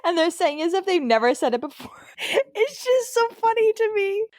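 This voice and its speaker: A young woman, co-hosting a podcast in casual chat, animated and acting out quoted lines. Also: extremely high pitch, moderate pace, dry recording, clean studio sound. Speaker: podcast co-host.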